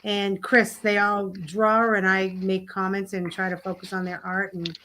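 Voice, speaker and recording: A woman's voice: medium pitch, level tone, measured pace, pushed and bright, a little hiss or hum. A woman who hosts a stream, chatting in a teasing, easygoing way on a video call. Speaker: stream hostess. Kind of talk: casual chat.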